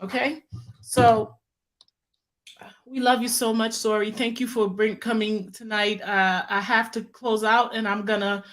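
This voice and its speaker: A woman's voice: fairly high pitch, level tone, a little slow, a bit bright. Teary, effusive woman streamer. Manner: emotional, effusive, repeats herself. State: teary from crying. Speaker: channel host. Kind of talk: live stream chat.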